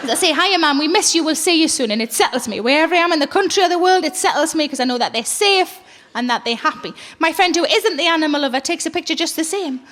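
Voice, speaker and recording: High-pitched and fast-talking, a middle-aged woman delivers stand-up to a live audience in a theater, her voice leaving a long reverb tail. Her storytelling is blunt and animated, and she swears freely.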